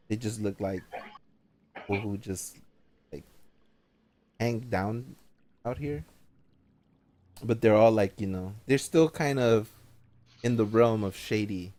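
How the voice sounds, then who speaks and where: Male game master, low mellow voice, casual, halting narration. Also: a little hiss or hum. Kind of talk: narrating an online tabletop game.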